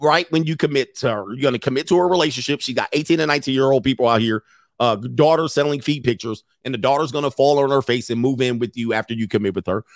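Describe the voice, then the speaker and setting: A man's voice: medium pitch, fast talker, no echo, studio quality. A man giving dating advice to his viewers in a casual monologue, with a brash, profane and joking delivery.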